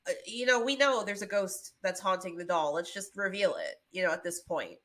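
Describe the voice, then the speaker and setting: A woman's voice: medium pitch, expressive, a little fast, fairly bright tone. A woman co-hosting a podcast in casual chat, telling stories and acting out quotes with big jumps in her voice. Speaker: podcast co-host.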